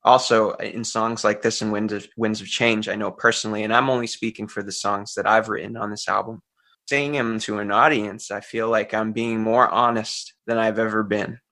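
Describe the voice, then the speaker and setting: A man's voice: fairly low pitch, level tone, moderate pace, bright, forceful tone. A middle-aged man from Central Massachusetts, a folk singer talking earnestly and openly in an interview, thinking aloud and laughing easily. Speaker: folk singer and musician guest. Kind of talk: relaxed reflective interview talk.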